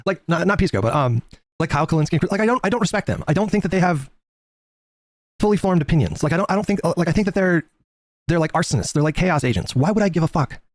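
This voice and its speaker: A man's voice: on the high side, animated, quick pace, dry recording, clean studio sound. A man on a live stream reacting with incredulous, mocking banter and frequent swearing.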